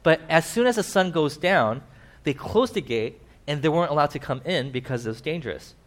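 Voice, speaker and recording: A man giving a casual sermon with slides, animated, asking his listeners questions and acting out little voices. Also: fairly high pitch, fairly quick. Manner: animated, acts out voices, asks the audience questions. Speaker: preacher.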